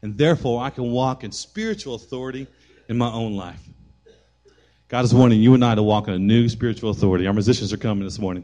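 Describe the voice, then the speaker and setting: A man pastor delivers a sermon in a church with a drawl. His storytelling is animated, jumping into acted voices and rising to shouts at the peaks. His pitch sits in an ordinary middle range. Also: quick pace. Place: church sanctuary.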